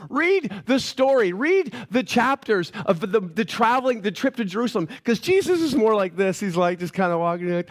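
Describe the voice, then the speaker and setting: A man preaching a sermon as pastor, telling the story in a casual, animated way with playful voices for the characters. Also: high voice, quick pace, few pauses. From Canada.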